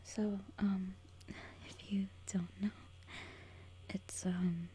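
A woman talking quietly in a whisper, stuffy-nosed and a little hoarse, hesitant and giggly with lots of fillers. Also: mid-range voice, little pitch movement, extremely slow, a little hiss or hum. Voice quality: hoarse, losing her voice. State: stuffy nose. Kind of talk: whispered casual talk to a mic.

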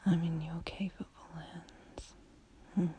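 A woman in a whispered role-play, teasing and flirtatious, often breaking into soft giggles. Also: fairly low pitch, level tone, slow, slight background noise. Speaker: ASMR performer.

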